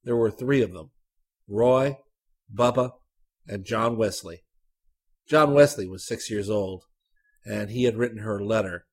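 A man reading a literary short story aloud, narrating at a measured, even pace. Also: lowish voice, breathy edge.

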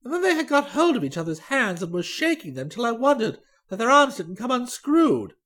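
A reader narrating a comic story as a young gentleman, in a dry, wry way. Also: medium pitch, big pitch swings, a little fast. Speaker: audiobook reader.

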